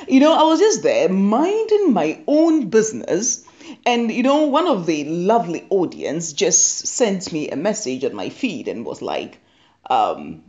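A woman's voice: sits low, big pitch swings, normal speed, muffled recording. A woman doing a casual comic monologue, teasing and laughing often, repeating her phrases. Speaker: comedy monologue host.

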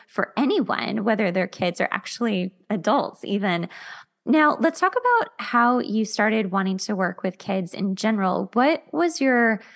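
A woman hosting an interview, chatty and enthusiastic as she asks her guest questions. She reacts warmly and talks in a relaxed, conversational way. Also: medium pitch. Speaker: podcast host. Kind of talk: interview chat.

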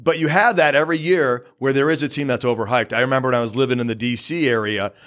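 A man hosting a podcast, talking in a steady, measured way and leading the questions. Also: mid-range voice. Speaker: podcast host. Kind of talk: casual podcast chat.

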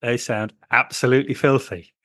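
A man co-hosts a casual podcast chat, rambling with plenty of fillers and restarts. His medium-pitched voice is a bit bright, with fairly even intonation and a moderate pace, recorded clean in a studio with no room sound.

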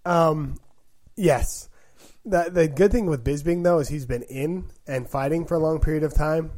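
Mellow-voiced man talking sports casually. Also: fairly high pitch. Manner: quick reactions, thinking aloud through scenarios. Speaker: podcast co-host.

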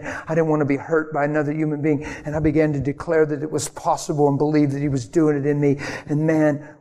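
Animated male preacher in a reverberant hall. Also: fairly high pitch. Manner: animated storytelling, acts out prayers and voices. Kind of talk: sermon. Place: church hall. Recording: long hall reverb, faint music.

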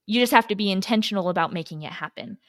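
A woman's voice: medium pitch, racing. A woman co-hosting a podcast, telling stories in an earnest, motivational way. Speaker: podcast co-host. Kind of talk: casual chat.

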